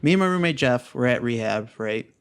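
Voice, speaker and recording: A man in his twenties co-hosting a casual podcast chat, telling stories in a profane, animated way. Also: medium pitch, fairly quick, smooth. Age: 20s. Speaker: podcast co-host.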